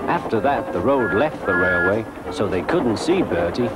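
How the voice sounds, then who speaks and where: Expressive guy reading a kids' story, swoopy voice, music going loud underneath. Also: lowish voice, moderate pace. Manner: lively, expressive, confiding. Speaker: narrator. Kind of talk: storybook narration.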